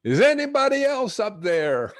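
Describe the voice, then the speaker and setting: A man's voice: big pitch swings, moderate pace, dry recording, studio quality. Man doing a panicked man pleading from a cliff. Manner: pleading, high and breathless.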